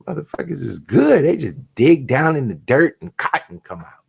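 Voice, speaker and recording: A man's voice: a little high, very animated, moderate pace, creaky, breathy edge. A man hosting his own show, delivering a crude, mocking, profane rant. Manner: crude, mocking, swings between shouts and mutters. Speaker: host. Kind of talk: profane ranting monologue.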